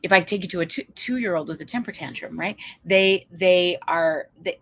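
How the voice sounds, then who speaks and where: Woman keynote speaker, psychologist, lowish bright voice, conversational, playful, acts out the quotes. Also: normal speed, a little hiss or hum. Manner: animated storytelling, acts out quoted voices, humorous asides; conversational, checks in with the audience. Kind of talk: lively keynote talk to parents and educators.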